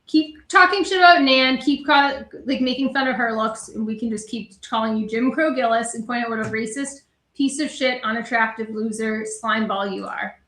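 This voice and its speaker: A woman's voice: fairly high pitch, normal speed, fairly bright tone. Taunting, swearing woman in an echoey room. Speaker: stream host. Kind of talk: heated casual commentary.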